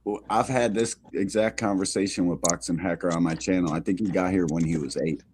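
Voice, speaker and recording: A man's voice: low voice, fairly even intonation, fairly quick, darkish tone. A man co-hosting a casual boxing chat in an easygoing way. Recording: faint background noise.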